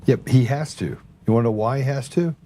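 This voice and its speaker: A man's voice: mid-range voice, fairly quick, warm tone, slight background noise. A man hosting a political talk show, casual and rambling, often sarcastic, repeating his words as he goes. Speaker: podcast host.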